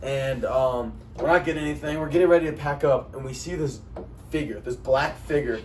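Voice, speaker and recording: A man's voice: mid-range voice, fairly quick, a little mellow. A young man co-hosting a podcast, telling a story in a laid-back way with "you know" and "like" fillers. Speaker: podcast co-host. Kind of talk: casual chat and storytelling. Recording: distant mic with faint noise.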